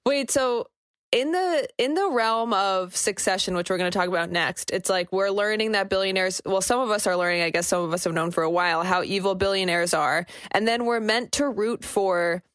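A woman's voice: medium pitch, fairly bright tone, smooth, no echo. Sarcastic young woman podcast co-host. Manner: sarcastic, rapid riffing with quoted asides. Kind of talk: casual chat.

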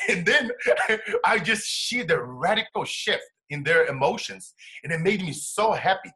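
Man, interview guest, bright, slightly high voice, expressive storyteller swinging between soft and loud. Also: unhurried. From Brazil. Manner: animated, shifts between hushed and loud laughing bursts. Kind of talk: emotional storytelling in conversation.

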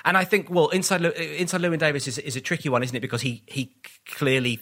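A man's voice: fairly high pitch, fairly even intonation, fast, sharp tone. A man, a comedian guest on a podcast, chatting casually and telling rambling anecdotes full of restarts and acted-out quotes.

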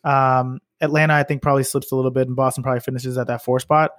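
A man's voice: medium pitch, level tone, fast, fairly bright tone, no echo, clean studio sound. A young man co-hosting a podcast, chatting about basketball in a loose, casual way with the odd swear word. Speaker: podcast co-host. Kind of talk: casual sports chat.

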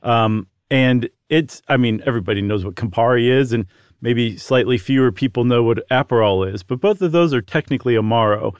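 A man's voice: mid-range voice, a little fast, smooth, no echo, clean studio sound. A man co-hosting a podcast, explaining at length in a friendly, casual way with fillers. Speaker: podcast co-host.

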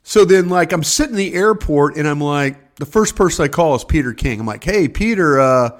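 An older man who used to be a scout is on a video call from his home office, spinning rambling, casual stories and doing voices for what other people said. His voice is fairly high, with lively intonation, and he talks a little fast.

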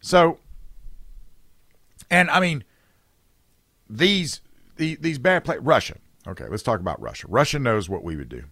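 A man hosting a political talk radio show, talking emphatically with loud bursts, low asides and many restarts. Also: very animated, a little slow, long pauses, husky, dry recording, clean studio sound.

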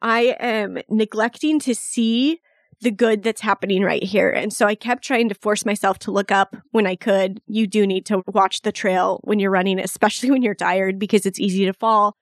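A woman's voice: mid-range voice, fairly even intonation, moderate pace, dry recording, studio quality. A woman hosting a solo podcast as a coach, talking in a chatty, candid way and laughing often.

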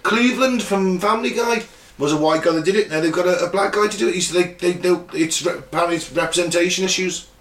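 Male podcast co-host, bluntly spoken, swears freely, a bit high-voiced, in an echoey room. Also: fast, a bit bright, far from the mic. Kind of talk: casual podcast chat and history reading.

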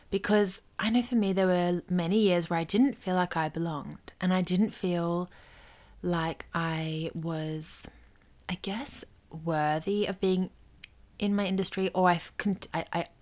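Low-voiced woman hosting a coaching podcast. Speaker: podcast host. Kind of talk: casual solo podcast talk.

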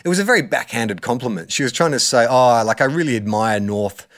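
An Australian man chatting casually as a podcast host. He tells footy stories with energy, often laughing as he acts out what other people said. His pitch sits in the middle range for a man. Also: brisk. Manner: animated storyteller, laughs while acting out quotes. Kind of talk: casual sports chat.

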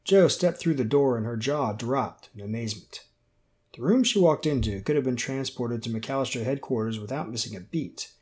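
Man, audiobook narration, steady, measured, mid pitch. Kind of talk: scripted narration.

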